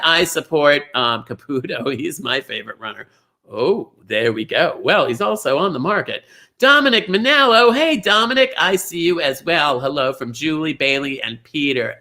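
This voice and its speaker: A middle-aged man chats his way through a live online bingo show, effusive and gushing as he greets viewer after viewer. His voice sits a little high and rings very bright and forward. He leaps into sudden high squeals on the names he loves.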